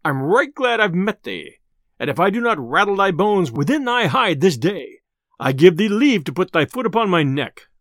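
Man voicing a gruff, angry tinker. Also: sits high, big pitch swings, normal speed, fairly bright tone, no room sound, clean studio sound, heavily acted. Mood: threatening. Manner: gruff, threatening. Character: grim angry male tinker, burly and gruff.

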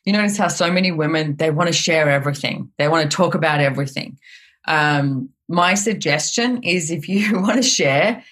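A woman with a notably low speaking voice chats as a podcast guest and spins animated stories from her own life. She fills her talk with "it's like" and "you know.". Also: moderate pace. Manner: animated storytelling with frequent "it's like". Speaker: guest author. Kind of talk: casual podcast conversation.

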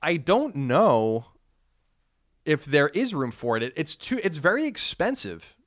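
A man co-hosting a casual gaming podcast, reading listener letters aloud and chatting in a quick, lively way. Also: on the high side, dry recording, clean studio sound.

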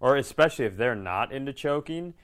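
Podcast host, man, mid pitch, smooth resonant tone, loose comic tangents. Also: animated, a little fast. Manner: riffing, joking tangents. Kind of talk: casual chat.

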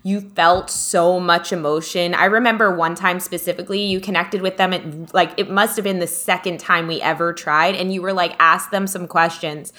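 A woman co-hosting a podcast, telling a story in a casual, animated way. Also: on the low side, moderate pace, hardly any pauses. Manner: storytelling, animated when quoting. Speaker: podcast co-host. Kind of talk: casual chat.

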